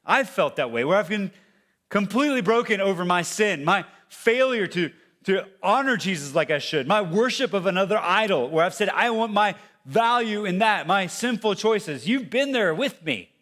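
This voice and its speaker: Male pastor, casual sermon delivery, slightly high voice, shifts between loud emphasis and hushed asides. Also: lively intonation, moderate pace. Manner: conversational preaching, swings from loud to hushed. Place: church.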